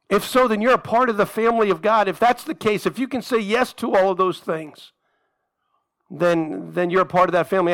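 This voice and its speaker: High-voiced male pastor preaching. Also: fairly bright tone, rough recording. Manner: conversational, repeats phrases, asks the congregation direct questions. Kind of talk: sermon.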